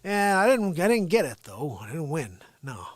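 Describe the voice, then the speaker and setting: A man voicing a sleepy old male politician who rambles slowly and mumbles while pitching discount sofas. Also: sing-song, no echo. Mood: rambling. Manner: drowsy, slow, mumbling and rambling.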